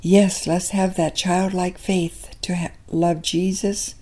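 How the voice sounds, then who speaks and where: An older woman, a grandmother, hosting a devotional radio program and telling a personal story in a gentle, unhurried way. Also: on the low side, level tone, slight background noise.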